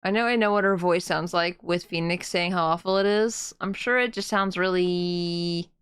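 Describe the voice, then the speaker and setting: A woman's voice: on the low side, steady tone, moderate pace, clear, resonant tone, no echo. A young woman streamer chatting casually and giggling as she plays a game and reads chat aloud.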